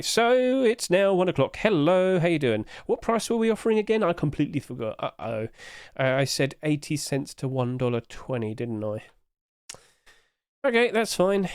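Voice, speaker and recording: A man's voice: on the high side, expressive, normal speed, darkish tone, smooth, dry recording, clean studio sound. A man chatting casually to his live-stream audience, humming little filler noises as he clicks through pages.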